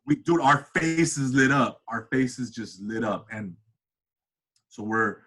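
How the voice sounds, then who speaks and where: A comedian and cinematographer in his thirties, appearing as an interview guest, tells a story casually and animatedly, acting out quoted voices with big pitch jumps. His voice is slightly rough and he takes it slowly.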